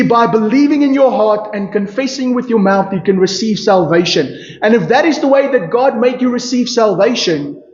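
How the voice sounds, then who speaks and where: A man preaching a sermon as pastor, emphatic, with rhetorical questions and a repeated "you see". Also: high voice. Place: church hall. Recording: echoey church hall, dull lo-fi sound. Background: congregation calling out responses.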